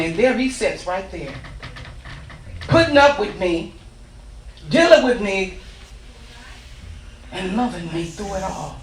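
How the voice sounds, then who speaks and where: A woman minister preaching an impassioned sermon, telling the story with rising shouts, in a church sanctuary. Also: medium pitch, animated, unhurried, pauses often, slight background noise. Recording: echoey church from far off.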